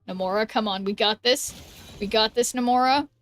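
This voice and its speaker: Streaming a game, this woman from the United States keeps up relaxed gaming chatter, laughing softly and drifting off with ums. She speaks at a normal speed in a slightly high voice, recorded dry on a close mic over faint background music.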